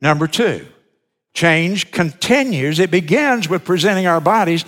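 A man's voice: fairly high pitch, lively intonation, measured pace, fairly bright tone. A man preaching a sermon as pastor, emphatic and repeating key phrases for weight. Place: church sanctuary. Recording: broadcast sermon with long hall reverb.

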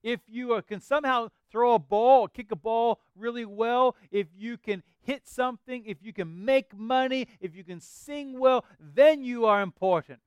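A man's voice: extremely high pitch, moderate pace, few pauses, smooth, no echo, lo-fi sound. A middle-aged man preaching a sermon as a pastor, earnest and conversational with emphatic rises.

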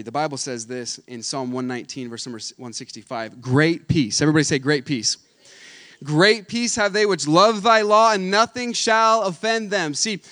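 A man with a high voice preaches a sermon from the pulpit. He retells a Bible story in a loose, chatty way, slipping into the voices of its characters. Then he builds to loud, emphatic exhortation. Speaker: pastor.

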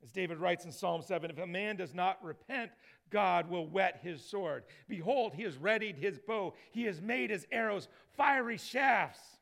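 A man preaching a sermon, swinging from loud emphatic lines to soft hushed ones. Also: high-pitched, animated, normal speed, gravelly, hardly any pauses. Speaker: pastor.

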